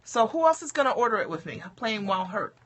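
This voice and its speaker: A woman's voice: on the high side, big pitch swings, fast. A woman coach giving an upbeat, encouraging motivational talk on a livestream, often checking in with "okay?" and "right?". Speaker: coach for mothers in business.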